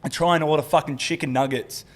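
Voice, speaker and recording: A man's voice: on the high side, fairly even intonation, fast talker. An Australian man, a comedian guest, telling crude stories in a pub and laughing often. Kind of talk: crude storytelling chat.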